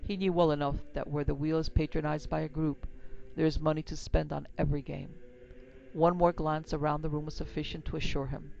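A man narrating an old western story in a measured, steady reading. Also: a little high, gravelly, dull audio.

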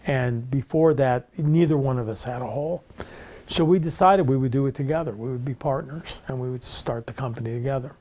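An older man casually telling the story of how he started his business, relaxed and conversational. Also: medium pitch, fairly quick. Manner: relaxed, conversational, rambling with restarts.

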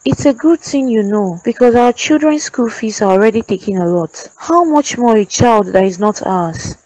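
A woman's voice: fairly high pitch, animated, normal speed, mellow, long reverb tail, lightly acted, poor audio. A woman voicing a stubborn mother who speaks bluntly and scornfully in a cartoon drama. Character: stubborn mother, tight with money.

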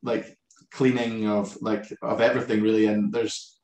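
A man's voice: lowish voice, level tone, moderate pace, a little mellow. A man from a distillery talks casually about his product over a video call, rambling with frequent restarts. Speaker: distillery representative. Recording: roomy echo on a video call.

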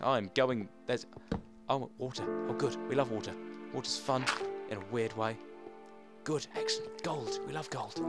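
A young man talks through his game in a loose, rambling way, coaxing animals and muttering to himself. His voice is mid-pitched and jumps up in sudden excited shouts. Game music plays clearly under his voice. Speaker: gaming channel host. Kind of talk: casual let's play commentary.

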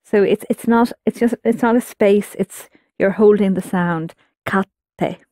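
A woman's voice: medium pitch, moderate pace, mellow, no room sound, studio quality. A woman teaching a language lesson, explaining patiently and prompting her students to answer.

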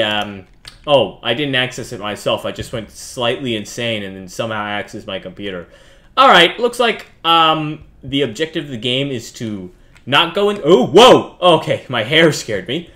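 A young man talks his way through a game in a bright, forceful voice that swings widely in pitch. He jokes at his own expense, mutters low to himself, then breaks into yelling whenever something startles him. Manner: jokey, self-mocking, bursts into yelling when startled. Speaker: gaming youtuber. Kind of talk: let's play commentary.

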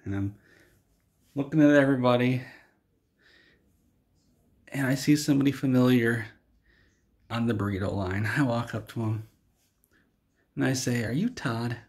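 A man telling an absurd comic story in a deadpan, plain way. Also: mid-range voice, normal speed, long pauses. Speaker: comedy storyteller.

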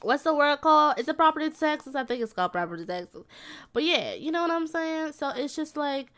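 A woman's voice: high-pitched, sing-song, fairly quick, fairly bright tone. A woman giving casual, slangy gameplay commentary, talking to her game characters like a mom scolding and cooing at her kids. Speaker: gaming video creator.

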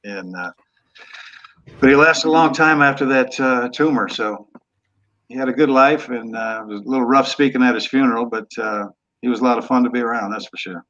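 A man's voice: medium pitch, a little fast, fairly bright tone. Blunt laid-back older man, muffled audio. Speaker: guest, former football quarterback. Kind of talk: casual storytelling interview. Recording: dull lo-fi remote audio.

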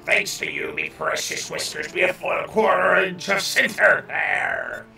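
A man voicing a blustering old pirate captain, growling his lines in gruff pirate talk. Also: high voice, very animated, a little slow, sharp tone, roomy sound, recorded from a distance, soft background music, voice pushed down, exaggerated voice.

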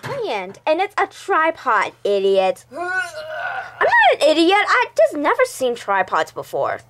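A woman being goofy and dramatic in silly home-video outtakes, giggling and shouting. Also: sits high, wildly swooping pitch, unhurried, very noisy.

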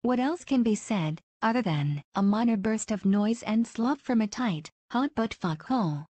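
A foul-mouthed, sarcastic mystic woman speaks in a mid-pitched voice. The recording is dry and close, with no room sound. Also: lively intonation, moderate pace, warm tone, dry recording. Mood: scornful. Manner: sarcastic, profane, declaiming.

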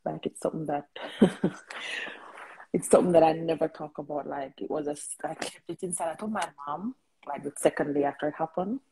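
A woman's voice: low voice, a little fast, dark tone, slight background noise, rough recording. A woman caller telling a personal story, hesitant and heavy on fillers. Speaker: caller on a live stream. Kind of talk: personal testimony.

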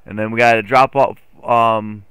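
A man streaming a farming game live, chatting playfully with his chat and getting excitable over his driving. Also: on the low side, normal speed, clear, resonant tone, no room sound. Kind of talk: live gameplay commentary.

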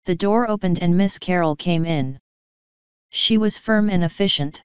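Woman audiobook narrator, calm even storytelling, dry close sound, dull recording. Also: fairly low pitch, measured pace, clear, resonant tone, no room sound. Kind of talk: scripted narration.

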